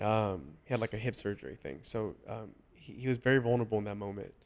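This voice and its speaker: A man hosting a casual podcast chat, talking earnestly and haltingly with many restarts. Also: on the low side. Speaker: podcast host.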